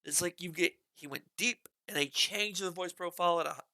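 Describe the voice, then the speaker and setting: A man hosting a music reaction video, chatting excitedly and rambling through his thoughts, with faint music behind him. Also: high-pitched, brisk, gravelly, no room sound, clean studio sound. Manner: excitable and rambling, with many restarts and bursts of enthusiasm. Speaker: music reaction channel host. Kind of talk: casual reaction commentary. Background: faint music from the song being reacted to.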